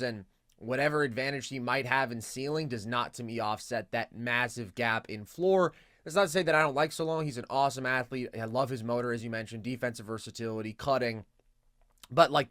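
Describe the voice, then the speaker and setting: A man's voice: medium pitch, fairly bright tone, no room sound, studio quality. A man co-hosting a podcast, talking in a casual analytical way and listing traits fluently and with confidence. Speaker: podcast co-host.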